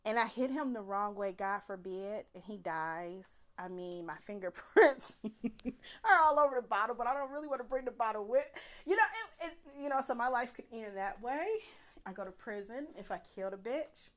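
A young woman telling a personal story in a casual, profane, animated way, laughing often as she talks. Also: a little high, normal speed.

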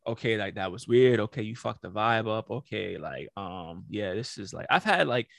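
A man's voice: fairly low pitch, animated, normal speed, creaky, a bit bright, no room sound. Podcast dude, swears a lot, keeps cracking up at his own stories, dry close mic. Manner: laughing storyteller, loose and profane. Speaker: podcast co-host. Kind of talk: casual chat.

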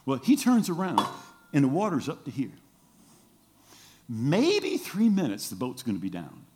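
Middle-aged man, pastor giving a sermon, lively swooping delivery, acts out the people in his stories. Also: a little slow. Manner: animated storytelling, acts out quoted voices with big pitch jumps.

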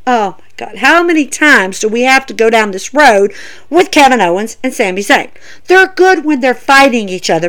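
Chatty woman doing a wrestling recap, high voice that swoops around a lot. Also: a bit bright. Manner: chatty, emphatic, addresses viewers as guys. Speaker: wrestling show reviewer. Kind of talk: casual opinion vlog.

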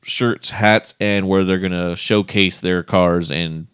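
A man co-hosting a podcast in casual chat, relaxed, laughing often and restarting his sentences. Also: sits low, slow pace, clean tone, no room sound, studio quality. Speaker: podcast co-host.

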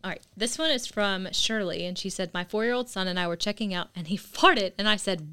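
A woman co-hosting a casual podcast, reading listener stories in a lively way and laughing along. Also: medium pitch, a little fast, few pauses, clear, resonant tone. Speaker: podcast co-host.

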